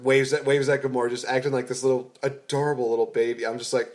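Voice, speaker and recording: A man's voice: mid-range voice, level tone, quick pace. A man co-hosting a podcast, chatting casually and enthusiastically about a film, rambling with frequent restarts. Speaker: podcast co-host. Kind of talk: casual movie review chat.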